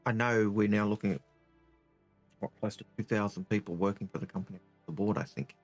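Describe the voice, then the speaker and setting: Low-voiced, hesitant male co-host. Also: fairly even intonation, brisk, soft background music. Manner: hesitant and repetitive, getting heated when annoyed. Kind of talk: casual podcast chat.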